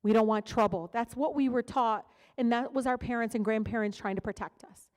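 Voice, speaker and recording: A woman's voice: a little high, a little fast, a little mellow. A middle-aged woman from Detroit giving a keynote speech, telling personal stories in a candid, conversational way with frequent fillers and asides. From Detroit, USA. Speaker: keynote speaker. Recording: long reverb of a large hall.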